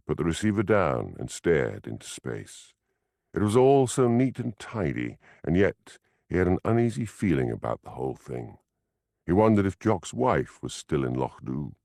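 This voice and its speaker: A man's voice: sits low, vocal fry, a little mellow, dry recording, studio quality. A man reading a mystery audiobook as narrator, telling the story expressively. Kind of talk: scripted narration.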